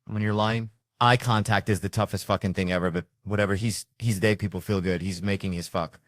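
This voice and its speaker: Deep-voiced man telling rambling stories. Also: fairly quick, no echo, studio quality. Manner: profane, rambling, animated anecdotes. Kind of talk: casual comedic storytelling.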